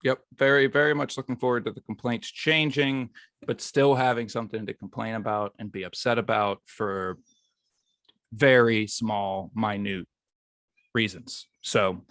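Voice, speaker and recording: A man's voice: fairly low pitch, steady tone, measured pace, fairly bright tone, no room sound, clean studio sound. Easygoing man hosting a beer podcast. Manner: easygoing, self-deprecating joking. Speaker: podcast host. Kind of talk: casual podcast chat.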